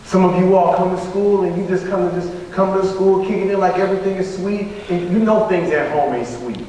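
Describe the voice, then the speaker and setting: A man's voice: high-pitched, fairly quick, mellow, slight background noise. A male motivational speaker addressing a school assembly, talking with a preacher-like cadence and emphatic repetition. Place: school gymnasium or auditorium. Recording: echoey hall, distant room mic.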